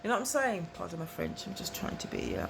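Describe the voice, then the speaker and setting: A woman's voice: on the low side, wildly swooping pitch, quick pace, vocal fry, background noise. Chatty woman telling a story. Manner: chatty, rambling, often asks "you know what I mean", laughs between phrases. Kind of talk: casual storytelling monologue.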